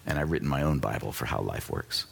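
A man preaching a sermon as pastor, talking casually and conversationally, jumping between excited high bursts and low earnest asides. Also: quick pace, creaky, slightly rough.

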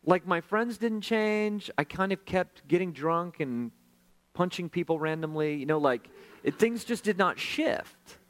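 Male pastor, middle-aged, conversational testimony-style sermon, hushed to animated. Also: high-pitched, unhurried. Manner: conversational, self-deprecating, swings from hushed to animated. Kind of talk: sermon storytelling.

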